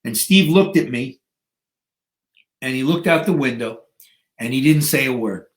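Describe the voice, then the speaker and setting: A man's voice: medium pitch, a little slow. A man in his fifties, a guest in an interview, telling a story vividly and acting out the scenes. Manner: vivid, dramatic storyteller who acts out scenes. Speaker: guest, bodybuilder and fitness coach. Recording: echoey room.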